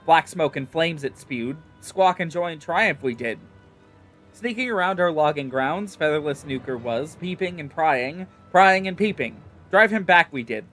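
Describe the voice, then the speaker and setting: A man voicing an agitated, proud bird-folk warrior in a game, loud and squawky, speaking in inverted word order. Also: a little high, lively intonation, unhurried, faint music behind, voice pushed up. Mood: squawking.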